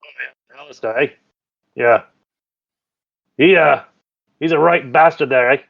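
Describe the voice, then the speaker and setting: A man voicing a crude male drider, half drow and half spider, gruff and swearing, tagging lines with "eh". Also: medium pitch, unhurried, dry recording, phone-quality sound. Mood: scornful.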